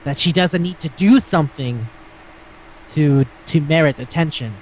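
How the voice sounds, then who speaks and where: A man's voice: a little high, moderate pace, slight background noise. Rambling man on a muffled podcast. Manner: rambling, repeats words, swears casually. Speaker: podcast host. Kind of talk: casual chat.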